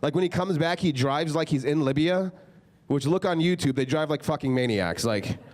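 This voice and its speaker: Onstage at a comedy club, a young comedian delivers his set in a fairly high, slightly mellow voice at normal speed. His storytelling is relaxed and casual, peppered constantly with "like" and other fillers.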